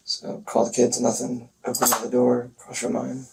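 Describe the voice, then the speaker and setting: A man recounting events in a police interview, speaking haltingly and hesitantly with many pauses. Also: mid-range voice, monotone, gravelly. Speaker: murder suspect in a police interview. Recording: distant interview recording with faint noise.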